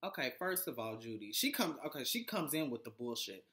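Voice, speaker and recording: Bright-voiced, foul-mouthed recap vlogger. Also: mid-range voice, big pitch swings, a little fast. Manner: profane, blunt and sarcastic; rambling with many fillers and restarts. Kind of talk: casual episode recap.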